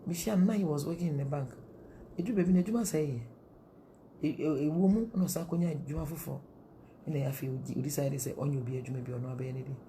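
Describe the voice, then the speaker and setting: A woman's voice: deep voice, warm tone, slight background noise. A middle-aged woman with a Ghanaian accent, preaching marriage counsel in a sermon, mixing Twi and English and asking rhetorical questions.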